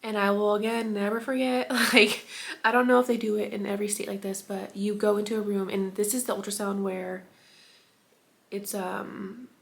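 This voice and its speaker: A woman's voice: medium pitch, fairly even intonation, normal speed, creaky. A young adult woman vlogging at home, telling an emotional personal story in a chatty way, filled with "like" and laughter. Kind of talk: casual storytime vlog. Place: at home indoors.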